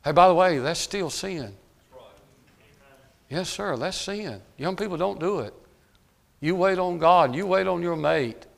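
A middle-aged man preaching a folksy sermon, dropping to quiet asides and rising to loud shouts. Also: high voice, unhurried, gravelly, long pauses.

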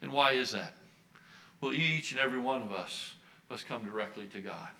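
A man's voice: medium pitch, normal speed, bright, forceful tone, rough recording. An older American man, a Baptist minister, preaching a sermon earnestly and repeating his key phrases for emphasis. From United States.

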